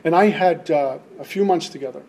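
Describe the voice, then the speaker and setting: A man's voice: on the high side, fairly quick, vocal fry, darkish tone, a little hiss or hum. A middle-aged man speaking at a recovery meeting, giving an emphatic, preacherly personal testimony and repeating lines for stress. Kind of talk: impassioned personal testimony talk.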